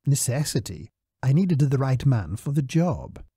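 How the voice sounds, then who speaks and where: A man voicing a cool, precise private spy who speaks in a courteous, measured way. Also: medium pitch, sing-song, warm tone, breathy edge, no room sound, studio quality, exaggerated voice.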